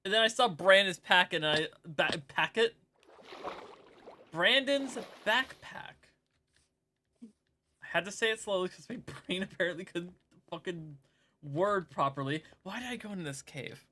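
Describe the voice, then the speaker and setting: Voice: mid-range voice, normal speed, sharp tone. A streamer in casual gaming chat, rambling and joking with frequent giggles.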